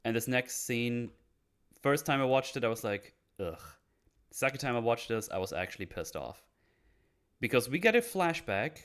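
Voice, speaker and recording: A man talking casually on a podcast, breaking down a TV episode, animated and swearing often. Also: medium pitch. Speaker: podcast host. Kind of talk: casual show breakdown chat.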